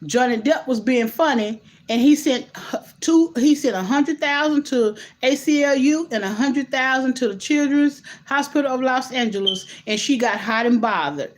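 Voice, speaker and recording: A woman hosting a casual commentary vlog, talking straight to her viewers in an animated, incredulous way, full of restarts and asides. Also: on the high side. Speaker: host.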